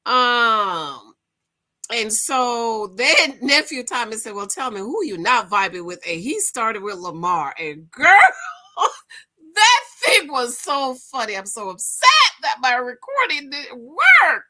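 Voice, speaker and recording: A woman casually recapping a reality dating show to her viewers, animated and gossipy, calling them "girl". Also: a little high, a little slow.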